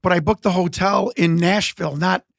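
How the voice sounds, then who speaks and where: High, gravelly-voiced man telling stories. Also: fairly even intonation, normal speed, fairly bright tone, no room sound, clean studio sound. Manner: rambling anecdotes with voiced quotes and restarts. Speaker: interview guest, former pro wrestler. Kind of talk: casual storytelling.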